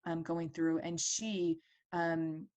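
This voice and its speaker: A woman's voice: low voice, little pitch movement, slow, darkish tone, muffled recording. A woman in her forties telling a personal story as a parent advocate, earnest and conversational with fillers and restarts.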